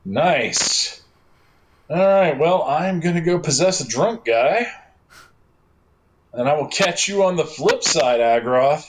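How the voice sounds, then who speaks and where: A man running a tabletop game as game master over a voice call, chatty and quick to laugh, often trailing off into repeated words. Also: a little high, animated. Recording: noisy online call recording.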